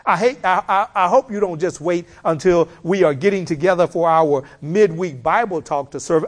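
A man preaching a sermon, slow and emphatic, building repeated appeals to his listeners. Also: high voice.

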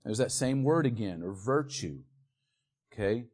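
A man preaching a sermon, building to loud, emphatic peaks and then dropping back to quiet verse-by-verse teaching. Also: mid-range voice, expressive, a little slow. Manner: walks the congregation through scripture verse by verse.

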